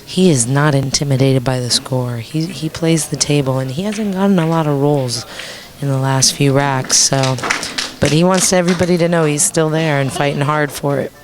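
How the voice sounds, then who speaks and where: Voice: mid-range voice, normal speed, noisy background. A commentator calling a pool match on a live stream, chatty and jokey, laughing easily. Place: pool hall. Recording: pool hall crowd audible behind.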